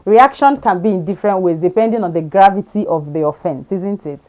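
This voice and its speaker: A woman hosting a casual interview chat, speaking in a measured, careful way that drops low at the ends of phrases. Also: darkish tone. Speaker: host.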